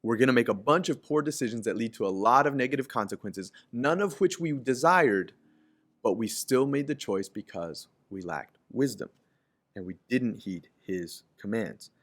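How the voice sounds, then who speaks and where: A man preaching a sermon as pastor, restarting phrases and letting his voice swell loud and high when he reads scripture aloud. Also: animated, normal speed.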